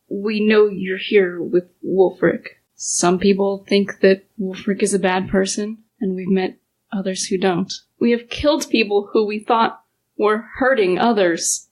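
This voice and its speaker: A woman's voice: medium pitch, darkish tone, rough recording. A woman player voicing her character in a tabletop game, talking with strong emotion.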